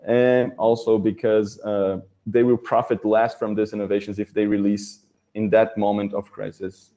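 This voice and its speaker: A man with a Brazilian accent, a native Portuguese speaker, discusses a book during a webinar over a video call, phrasing things thoughtfully and hesitantly. His voice is fairly low, warm and flat at a normal pace, and the call audio is dull and lo-fi.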